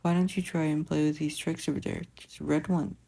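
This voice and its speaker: A reader doing a gentle teenage big brother. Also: medium pitch, little pitch movement, brisk, gravelly. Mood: coaxing. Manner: soft, coaxing.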